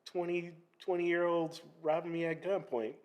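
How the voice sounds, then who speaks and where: A man's voice: a little high, flat delivery, normal speed, a little mellow. A man comedian chatting on a podcast with a wry manner, laughing through his lines. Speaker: comedian guest. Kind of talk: casual chat.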